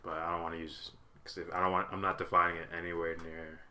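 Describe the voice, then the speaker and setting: Very low-voiced, laid-back man. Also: flat delivery, fast talker, pushed and bright, a little hiss or hum. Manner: rambling, laid-back, swears freely. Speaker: podcast host. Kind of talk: casual chat.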